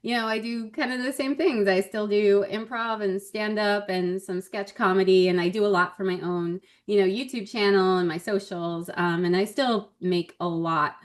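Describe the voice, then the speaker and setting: A woman comedian as a podcast guest, telling stories in a chatty, animated way with frequent laughs. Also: mid-range voice, moderate pace, hardly any pauses. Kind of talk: casual podcast chat.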